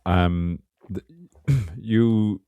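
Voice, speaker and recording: A man, a podcast co-host, chiming in with quick, jokey remarks and casual swearing. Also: deep voice, steady tone, warm tone, smooth, no room sound, lo-fi sound. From Ireland. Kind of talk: casual chat.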